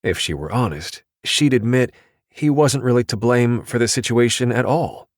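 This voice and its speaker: A man with a mid-range voice reads an audiobook in an even, measured storytelling manner, recorded at studio quality with no audible room sound.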